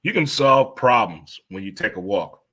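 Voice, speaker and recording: A man in his fifties hosting a casual sports talk monologue, rambling and exclamatory with sudden high-pitched outbursts. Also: animated, normal speed, pushed and bright. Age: 50s.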